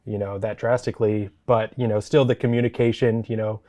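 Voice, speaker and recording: A man co-hosting a throws podcast, speaking softly and hesitantly with many pauses and fillers. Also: lowish voice, level tone. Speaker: throws coach, podcast co-host. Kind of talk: casual sports chat.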